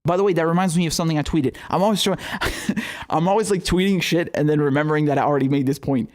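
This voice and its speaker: Fast-talking and fairly high-voiced, a young political commentary host keeps things casual but erupts into sarcastic, profane, heated rants punctuated by laughing asides.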